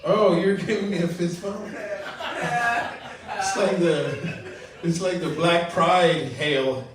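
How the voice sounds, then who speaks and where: A middle-aged man from Colombia doing open mic stand-up and chatting with the crowd, with a halting, rambling delivery full of ums and little laughs. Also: sits high, steady tone. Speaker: stand-up comedian. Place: comedy club room. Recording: echoey room, mic far off.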